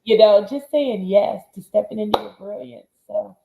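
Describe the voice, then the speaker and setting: A woman fitness coach talking in a casual group chat, energetic and emotional, with tough-coach enthusiasm. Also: mid-range voice, moderate pace, gravelly, roomy sound, poor audio.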